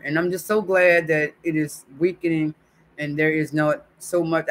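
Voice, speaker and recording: A man's voice: fairly high pitch, bright, forceful tone. A man hosting a casual livestream, chatting affectionately with viewers and reading their comments aloud. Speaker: YouTube livestream host.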